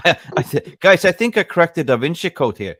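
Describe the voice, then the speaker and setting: A man's voice: on the high side, very animated, normal speed, fairly bright tone, no room sound, studio quality. A man hosting a casual football podcast, chatty and jokey, greeting viewers by name. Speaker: podcast host. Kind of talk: casual live-stream football chat.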